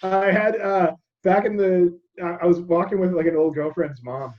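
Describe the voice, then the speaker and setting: A man in his thirties hosting a casual podcast, telling anecdotes, laughing often and acting out quotes loudly. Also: high voice, fairly even intonation, moderate pace. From Canada. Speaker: podcast host. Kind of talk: casual chat. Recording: muffled lo-fi audio.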